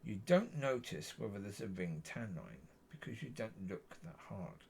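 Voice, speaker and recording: Man, low and gravelly, husky tone, lively pitch swings, meandering faith vlog monologue. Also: a little slow. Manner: meandering, repeats himself, frequent self-corrections. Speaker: Christian vlogger. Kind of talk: rambling personal testimony.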